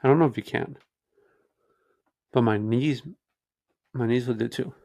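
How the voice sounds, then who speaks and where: A young man rambles through sports stories to his camera in a relaxed, slangy way. He leans on "like" and "dude" as he talks. His pitch sits right in the usual middle range for a man. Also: unhurried. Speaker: host. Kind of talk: casual storytelling to camera.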